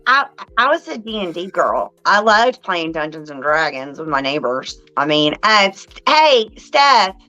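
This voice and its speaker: A woman co-hosting a casual chat show, talking in halting bursts and speaking straight to listeners. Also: mid-range voice, bright, forceful tone, lo-fi sound. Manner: chatty, halting, addresses listeners directly. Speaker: podcast co-host, psychic reader.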